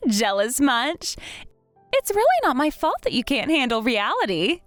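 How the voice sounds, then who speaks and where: Woman as arrogant rich bride, sneering, high and lively voice, dry sound. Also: measured pace, dry recording, soft background music. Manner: sneering, condescending. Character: snobbish spoiled young woman, arrogant bride. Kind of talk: text-message drama reading.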